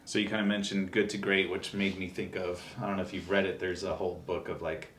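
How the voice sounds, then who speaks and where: A man interviewing a colleague, asking relaxed, loosely worded questions. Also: sits low, quick pace, recorded from a distance, a little hiss or hum. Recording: roomy, from off-mic.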